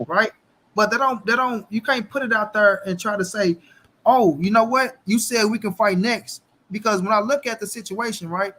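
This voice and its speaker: A man hosting a casual boxing talk show, animated and heavy with cursing. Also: high voice. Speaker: host.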